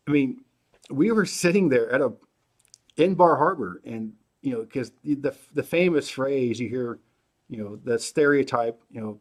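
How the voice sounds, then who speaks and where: Middle-aged guy hosting a live q&a, easygoing, lots of ums and restarts as he thinks out loud. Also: mid-range voice, measured pace. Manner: relaxed, thinking aloud with many fillers and restarts. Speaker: host. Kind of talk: casual livestream Q&A.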